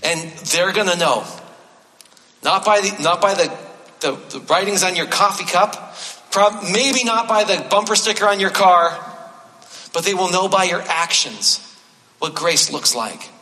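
A man with a high, bright, forceful voice preaches a sermon as a pastor at a measured pace, leaving long pauses. He talks conversationally, adds touches of self-deprecating humor, and repeats key phrases for emphasis. The recording, made in a church sanctuary, carries the long reverb of a large hall.

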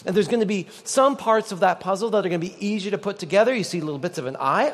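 A man's voice: high voice, expressive, fast talker, hardly any pauses. A man preaching a sermon as pastor, conversational and joking with the congregation. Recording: long reverb of a large hall.

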